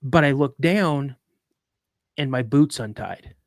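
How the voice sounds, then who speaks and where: A man's voice: mid-range voice, takes it slowly, no room sound, clean studio sound. A man hosting a live podcast, retelling a personal story vividly with frequent restarts. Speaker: podcast host.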